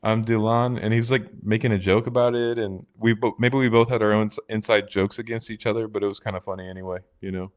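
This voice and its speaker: A man co-hosts a podcast in a steady, fast voice on the low side, with few pauses. His casual talk wanders, full of fillers and restarts.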